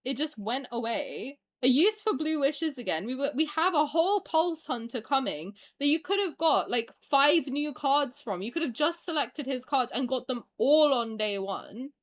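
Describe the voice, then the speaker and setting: A woman's voice: sits high, expressive, moderate pace, hardly any pauses. A young woman streamer ranting in a heated, profane, exasperated way during a casual reaction video.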